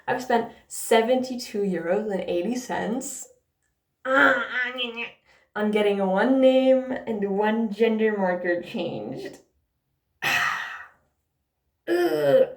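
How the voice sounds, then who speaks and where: Woman, mid-pitched, sarcastic storytime vlogger who swears freely, recorded in an echoey room. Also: a little mellow. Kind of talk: casual ranting storytime. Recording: roomy echo.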